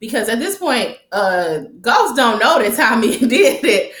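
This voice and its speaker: A woman recapping a TV episode casually, animated and profane, and often breaking into laughter. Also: on the high side, unhurried, reverberant. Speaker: TV recap vlogger.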